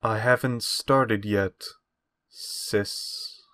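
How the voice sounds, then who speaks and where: A huge, stoic brute who speaks deadpan and very slowly, with a lowish voice, as a man plays him in a tabletop game. His delivery is quietly menacing. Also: heavy background noise. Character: huge stoic male brute, unmoving brother.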